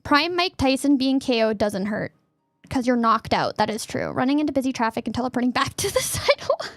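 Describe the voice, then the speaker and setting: High-voiced giggly woman streamer. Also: sing-song, a little fast, no room sound, clean studio sound, faint music behind. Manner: giggly, playful, bursts into yelling. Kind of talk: casual live-stream chat, reading questions.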